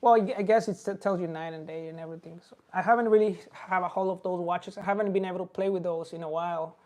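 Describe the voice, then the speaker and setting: A woman with a Spanish accent, a native Spanish speaker, hosting a watch podcast and talking in a relaxed, rambling way, calling the listener bro. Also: lowish voice, fast talker. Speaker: watch dealer and podcast host. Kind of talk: casual podcast chat.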